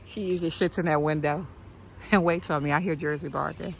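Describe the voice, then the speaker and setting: A woman, vlogging casually outdoors in her yard and chatting to her viewers, often dropping to a soft hush. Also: sits low, steady tone, fairly quick, vocal fry, slight background noise, rough recording. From United States. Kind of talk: casual chat to camera.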